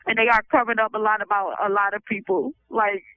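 A middle-aged woman in prison making an emotional, halting plea for help over the phone. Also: mid-range voice, level tone, clean tone, no room sound. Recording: dry, tinny phone line.

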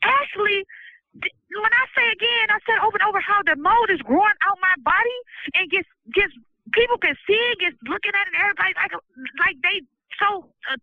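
A woman's voice: very high-pitched, no room sound. A woman speaking urgently and emotionally on a phone, with repeated fillers. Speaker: prisoner pleading for help. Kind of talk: recorded phone plea. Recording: muffled phone line.

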